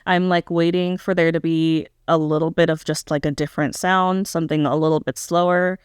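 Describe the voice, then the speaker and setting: A woman's voice: deep voice, level tone, a little fast, clear, resonant tone, dry recording, clean studio sound. A young woman giving a casual, candid reaction review of a pop album, hesitant and full of "um" and "like" as she thinks aloud. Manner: candid, self-questioning critique.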